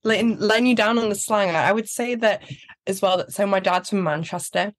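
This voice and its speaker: A young woman from Newcastle with a soft Geordie accent, chatting as a guest in a relaxed interview and laughing easily. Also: medium pitch, brisk. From Newcastle, England. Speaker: guest, pageant finalist. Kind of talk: casual interview chat.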